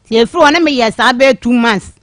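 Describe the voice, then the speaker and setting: A woman telling a candid personal story on a radio show, emphatic and animated, pleading her case with the host. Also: a little high, fast, no room sound, clean studio sound.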